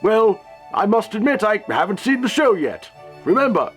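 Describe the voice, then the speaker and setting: A man voicing an eccentric, courteous young English gentleman with a posh put-on English accent, answering questions in a comedic character Q&A. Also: high voice, big pitch swings, normal speed, faint music behind. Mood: prim. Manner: prim, formal and courteous.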